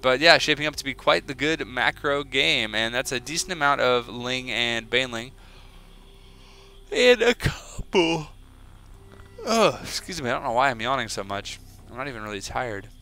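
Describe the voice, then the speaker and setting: A man's voice: mid-range voice, fairly quick, hardly any pauses, smooth. Chatty young man casting a game. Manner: chatty, excitable, rambling with many fillers. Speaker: game commentator. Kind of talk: casual solo video game commentary.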